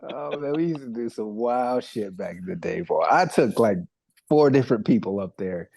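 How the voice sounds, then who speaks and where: A man's voice: medium pitch, lively intonation, normal speed, creaky, darkish tone, breathy edge, dry recording. A man co-hosting a comedy podcast, chatting casually over a video call and laughing often. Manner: laughs often, reads sponsor plug. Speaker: podcast co-host.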